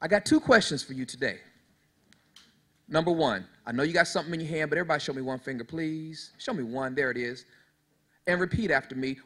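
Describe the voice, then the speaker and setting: A man's voice: medium pitch, lively intonation, fast, sharp tone. A man in his thirties giving a motivational speech to young people. He tells folksy stories and leads the audience in call-and-response. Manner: preachy call-and-response, talks straight to the audience; storytelling, folksy. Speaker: motivational speaker to youth.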